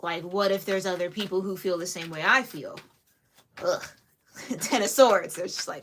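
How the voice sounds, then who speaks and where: A woman giving a casual tarot reading to camera, chatty and giggly with lively asides. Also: fairly low pitch, normal speed, long pauses, slight background noise. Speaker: tarot reader.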